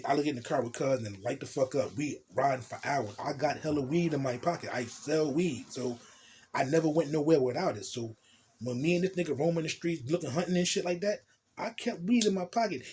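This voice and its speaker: A young man from New Jersey, fairly high-pitched, casually tells an animated, profane storytime tale in street slang, acting out what people said. There's slight background noise.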